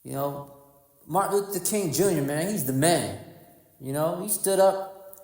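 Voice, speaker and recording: A man's voice: on the high side, a little slow, a little mellow. A man from North Carolina doing a brash, profane stand-up comedy routine, mocking people as he tells stories. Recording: echoey room with long reverb.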